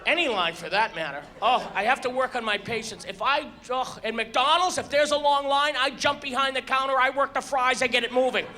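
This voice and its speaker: A man doing a stand-up comedy set on stage, exasperated and ranting, bursting into loud shouts before a live audience. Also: very high-pitched, brisk, hardly any pauses. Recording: live show with audience laughter and noise.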